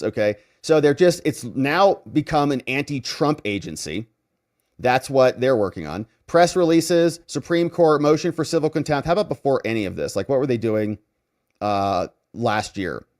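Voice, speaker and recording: A man's voice: mid-range voice, normal speed. A man hosting legal news commentary as a lawyer, talking in a sarcastic, mocking and emphatic way. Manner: emphatic, animated delivery.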